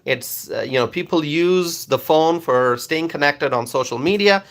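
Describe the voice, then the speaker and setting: A man's voice: a little high, measured pace. A man doing live-stream political commentary into his phone, repeating his points emphatically and asking rhetorical questions.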